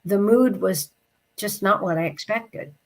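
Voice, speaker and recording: A woman, an interview guest, telling a personal story in a heartfelt, reflective way and slowing down at the emotional moments. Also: mid-range voice, darkish tone.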